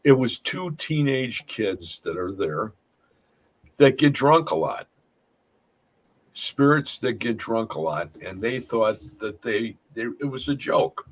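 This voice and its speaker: A man's voice: mid-range voice, big pitch swings, slow, rough recording. A man telling paranormal stories in a casual chat, rambling and restarting his sentences often. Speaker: paranormal investigator.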